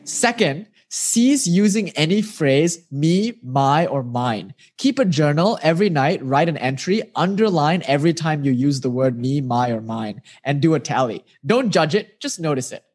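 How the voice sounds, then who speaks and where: Patient man coaching meditation, slightly high voice. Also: animated, normal speed, hardly any pauses, a little mellow. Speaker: meditation teacher. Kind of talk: casual spiritual coaching on a video call.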